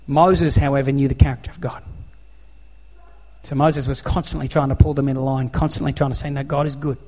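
A man's voice: mid-range voice, level tone, a little fast, dark tone. A man with an Australian accent preaching a sermon, telling a personal story in an earnest, conversational way. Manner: earnest, conversational, acts out dialogue. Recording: long reverb of a large hall.

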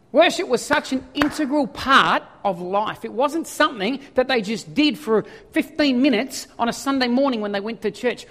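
A man preaching a sermon in an animated way, firing off rhetorical questions and building to loud emphasis. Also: very high-pitched. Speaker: pastor. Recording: long hall reverb.

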